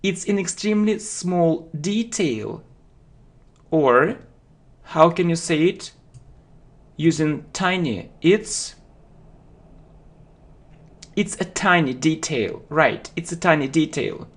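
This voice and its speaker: Guy teaching words real slow, keeps saying yeah? and okay, repeats stuff. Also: on the high side, expressive. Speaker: English teacher. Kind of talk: slow deliberate vocabulary lesson.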